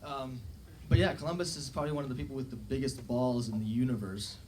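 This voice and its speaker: His tone stays steady while his pace is fast: a young man with a medium-pitched voice doing self-deprecating stand-up in a club. He talks casually into a handheld mic, adding fillers and asides. The live recording has a noisy background and loud laughter.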